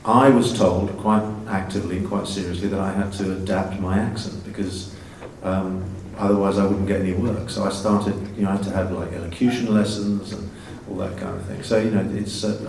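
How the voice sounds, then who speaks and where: English man in his sixties, lowish voice, roomy. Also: a little fast, few pauses, slight background noise. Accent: English, slightly Americanized. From England. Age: 60s. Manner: animated storyteller, self-mocking humor. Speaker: guest actor. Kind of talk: stage Q&A conversation. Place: festival stage Q&A. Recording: roomy, distant mic, faint ambience.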